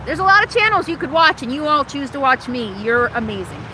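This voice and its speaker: Chatty high-voiced woman livestreaming from her RV. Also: sing-song, fairly quick, pushed and bright, a little hiss or hum, rough recording. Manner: chatty and self-deprecating, laughs often. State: sinus trouble from allergies. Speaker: RV vlogger hosting a livestream. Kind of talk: casual livestream chat reading viewer comments. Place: in an RV in Alaska.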